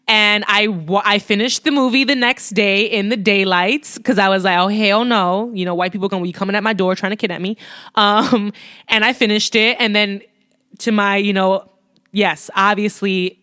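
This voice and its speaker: A woman's voice: medium pitch, dry recording, clean studio sound. A young woman hosting a podcast, telling a story in casual chat, cursing often and laughing freely. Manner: profane, animated storytelling with frequent laughter. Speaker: podcast host.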